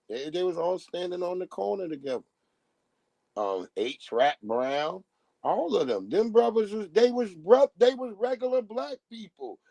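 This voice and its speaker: A man doing a casual live-stream rant as a commentator, profane and animated, mocking his subject and breaking into laughter often. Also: fairly high pitch, no echo. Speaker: livestream commentator.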